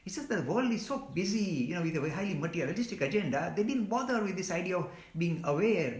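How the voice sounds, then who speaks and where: A man's voice: high-pitched, roomy sound. A man giving an earnest, impassioned talk and answering questions, emphatic and scolding, often repeating words. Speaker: guest speaker on a live stream.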